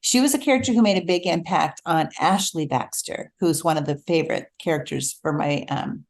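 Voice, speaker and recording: A middle-aged woman, an author, telling a personal story in a relaxed conversation, acting out the voices she quotes. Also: low-pitched, fairly quick. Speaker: author guest. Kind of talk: storytelling in casual chat.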